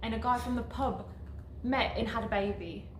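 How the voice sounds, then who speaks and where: A woman's voice: a little high, moderate pace. A woman, co-hosting a party game in casual chat, teasing and laughing often. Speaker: co-host playing a party game. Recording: roomy room with faint noise.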